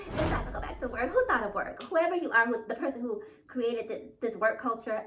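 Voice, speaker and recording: A woman's voice: on the high side, a little fast, few pauses, a bit bright, a little hiss or hum. A woman vlogger giving casual reaction commentary, emphatic and chatty, laughing between her points. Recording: roomy sound from a distant mic.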